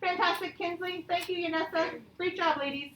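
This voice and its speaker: A woman teaching a grammar lesson to young pupils, patient and encouraging, reading example sentences out slowly. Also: very high voice, steady tone, pushed and bright, a little hiss or hum. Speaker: elementary school teacher. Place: classroom, also streamed to pupils at home. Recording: echoey classroom from far off.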